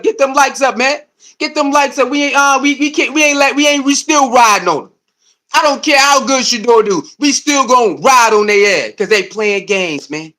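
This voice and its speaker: A young man hosting a live stream, ranting loudly and excitably, repeating himself and reading and answering chat comments. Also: very high voice, moderate pace. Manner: loud, excitable, repetitive, swings between shouting and muttering. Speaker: livestream host. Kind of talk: fired-up live stream rant.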